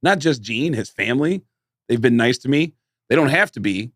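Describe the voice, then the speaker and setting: Brief: male comic host, animated anecdotes, pitch bouncing around, dry. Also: normal speed, dry recording. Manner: animated, acts out voices in stories. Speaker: comedian and podcast host. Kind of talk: casual storytelling chat.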